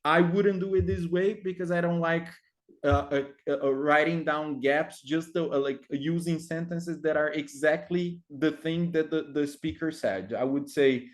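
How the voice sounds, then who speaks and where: Male teacher trainer, somewhat high voice, halting delivery full of fillers. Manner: hesitant, many fillers, frequent tag "right?". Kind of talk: explaining classroom activities.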